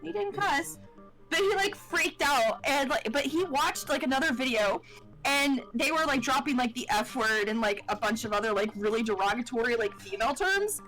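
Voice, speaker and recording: Chatty mom streamer, pretty high voice, casual storytelling, faint music. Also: female voice, animated, moderate pace, a bit bright, low-quality recording. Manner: chatty, mimics her son in a higher voice. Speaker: co-streamer, a mother. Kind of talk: casual chat on a game stream.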